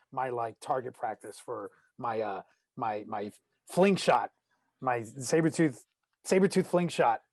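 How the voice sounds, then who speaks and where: A man's voice: medium pitch, no echo. A man player chatting casually, rambling with many likes and restarts. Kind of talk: casual chat in a tabletop game.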